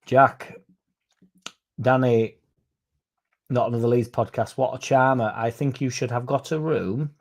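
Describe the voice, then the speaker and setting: A man's voice: medium pitch, steady tone, measured pace, long pauses. A young man with a Yorkshire accent hosting a casual livestream podcast, rambling and swearing freely as he reads out chat messages. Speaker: podcast host.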